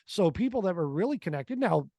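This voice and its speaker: A man's voice: high voice, sing-song, brisk, dark tone, dry recording, clean studio sound. A man hosting a casual interview, talking in a loose, rambling way with many fillers. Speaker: interview host.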